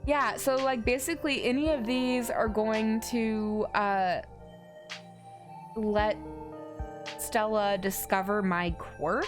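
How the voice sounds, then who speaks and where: A woman in her forties streams a story game, thinking aloud in a casual, giggly way. Her voice sits a little high, and soft music plays behind her. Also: steady tone, slow pace, long pauses. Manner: chatty, giggly, thinks aloud with many ums. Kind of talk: live game playthrough, reading choices aloud.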